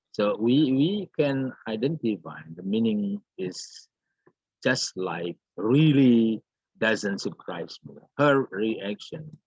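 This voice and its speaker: A man teaching an English grammar lesson, slow and repetitive, often calling out "everybody" and "yeah". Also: on the low side, slightly rough, no echo. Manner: slow, repeats phrases, calls out "everybody" and "yeah". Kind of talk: recorded online grammar lesson. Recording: dull lo-fi recording.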